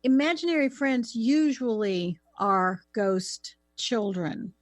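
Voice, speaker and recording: A woman hosting a talk radio show, giving calm, reassuring spiritual advice. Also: on the high side, slow pace, no room sound.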